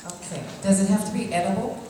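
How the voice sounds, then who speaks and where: A woman actress answering fan questions on a convention panel, giggly, loud and playful. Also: medium pitch, fast. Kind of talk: casual panel Q&A. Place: convention hall stage. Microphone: handheld mic recorded by far audience camera. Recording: echoey hall recorded from far off.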